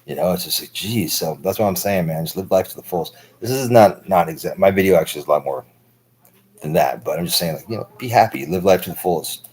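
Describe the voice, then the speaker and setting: A man's voice: low voice, quick pace, darkish tone, low-quality recording. A man in his thirties talking through a long, profane, rambling monologue for his stream, full of filler words. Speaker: livestream host.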